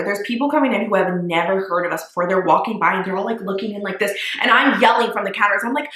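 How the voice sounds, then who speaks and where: Chatty young woman, bright echoey voice. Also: medium pitch, fast, hardly any pauses. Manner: chatty, says "like" a lot, swears casually. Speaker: small business owner. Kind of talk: casual vlog monologue.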